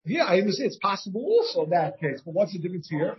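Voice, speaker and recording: Leading an informal Talmud lesson, a rabbi speaks fast with big swings in pitch, his voice high and somewhat husky. He works through ideas aloud, restarting sentences and repeatedly asking his students questions. The shared class recording, partly over a video call, sounds dull and lo-fi.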